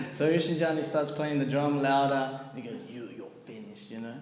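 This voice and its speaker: A man casually telling a story at a scripture class. He is animated, fills his talk with "like" and "you know", and acts out the people in his story. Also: mid-range voice, moderate pace. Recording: echoey hall with long reverb and faint ambient noise.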